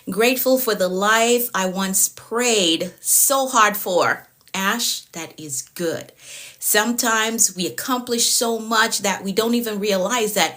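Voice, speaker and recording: Woman, middle-aged, livestream life coach; upbeat, repetitive greetings, slight hoarseness. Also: medium pitch, fairly bright tone. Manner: upbeat, repeats phrases, greets viewers by name. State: voice getting hoarse. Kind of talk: casual livestream chat greeting viewers.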